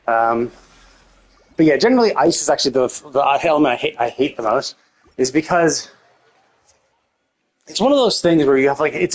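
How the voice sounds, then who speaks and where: A man's voice: medium pitch, slightly rough. Rambling, irritated male game streamer. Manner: rambling, annoyed venting with frequent swearing and fillers. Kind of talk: casual gameplay commentary.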